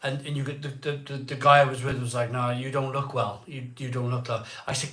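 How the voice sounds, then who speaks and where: A man's voice: mid-range voice, fairly even intonation, brisk, fairly bright tone. A man hosting a live beer stream, telling a rambling story in a chatty way, repeating himself and acting out what people said.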